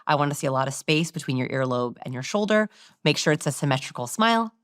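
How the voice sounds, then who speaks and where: A woman guest explaining body language in an interview, animated and sometimes acting out how others talk. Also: low voice, fast, clear, resonant tone, no echo, studio quality. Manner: animated, demonstrates voices while explaining.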